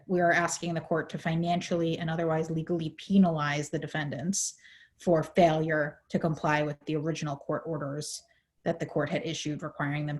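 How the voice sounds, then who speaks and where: A woman on a video call explaining a legal case in a panel talk, measured, with many fillers, her voice going hoarse. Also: low voice. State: losing her voice. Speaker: legal advocate in a panel discussion.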